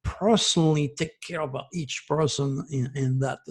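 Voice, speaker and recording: Middle-aged French-born male astrologer host, husky and a touch high, chatty storyteller. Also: fairly even intonation, unhurried. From France. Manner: chatty, storytelling, repeats words; coos softly to his dog. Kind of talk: casual chat to viewers.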